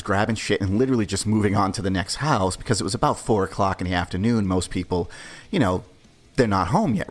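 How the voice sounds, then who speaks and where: Brash man telling a story. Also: fairly low pitch. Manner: brash, profane, conversational. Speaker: podcast host. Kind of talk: casual storytelling.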